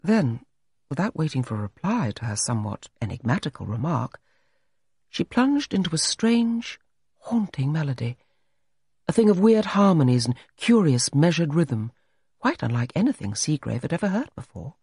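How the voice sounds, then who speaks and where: A man's voice: mid-range voice, very animated, normal speed, vocal fry, a little mellow, slightly rough, no room sound, clean studio sound. A man narrating a story in a scripted, dramatic reading style. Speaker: audiobook narrator.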